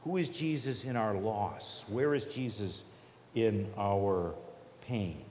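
A man's voice: on the low side, lively intonation, slow, darkish tone, a little hiss or hum. A man preaching a sermon in an earnest, conversational way, with restarts and repeated questions. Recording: echoey hall reverb.

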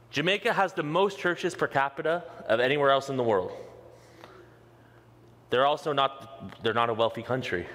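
A man's voice: on the high side, a bit bright. Passionate male preacher in a reverberant hall. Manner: passionate, emphatic preaching with slow repeated lines. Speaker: pastor. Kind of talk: sermon. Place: church sanctuary. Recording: long reverb of a large hall.

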